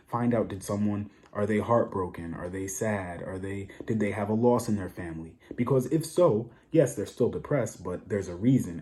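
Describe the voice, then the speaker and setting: A man's voice: fairly low pitch, warm tone. A man talking casually to camera, giving blunt opinions with a lot of repetition and rhetorical asides. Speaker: vlogger.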